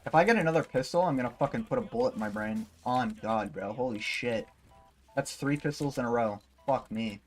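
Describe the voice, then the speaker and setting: A man's voice: medium pitch, a little fast, faint music behind. A man livestreaming while gaming, chatting casually and rambling, swearing freely and leaning on fillers.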